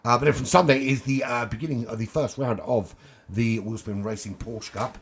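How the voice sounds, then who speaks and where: A man commentating a sim racing qualifying session in a chatty, cheeky way, with casual swearing and quick asides. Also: mid-range voice, slightly rough. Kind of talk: live esports race commentary.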